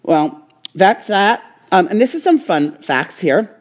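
A woman's voice: mid-range voice, big pitch swings, takes it slowly. A tipsy, hiccuping woman at home, reading out facts in a rambling way with lots of fillers. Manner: rambling, reads aloud with fillers and restarts. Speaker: vlog host reading celebrity facts. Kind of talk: casual chat. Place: home, indoors.

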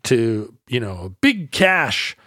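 A man's voice: medium pitch, sing-song, takes it slowly, fairly bright tone, no room sound, clean studio sound. A man casually telling a history story on a podcast, rambling and correcting himself as he goes. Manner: rambling, self-correcting, laughs easily, tries funny voices.

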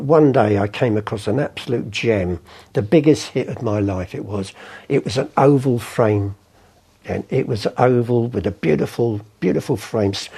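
With a mellow, gravelly voice of medium pitch, an older man recounts rambling stories in a storytelling interview. The former art forger acts out the voices of those who appear in his anecdotes.

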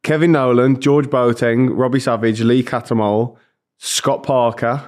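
A man's voice: medium pitch, fairly even intonation, darkish tone. A man co-hosting a football podcast, reading out a list of players and teasing the others in casual chat. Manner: teasing, reads a list out slowly. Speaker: podcast co-host.

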